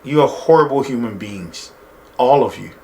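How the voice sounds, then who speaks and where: A man's voice: mid-range voice, lively intonation, normal speed, a little mellow. A man hosting a reaction video, giving emphatic, scolding commentary and repeating his points.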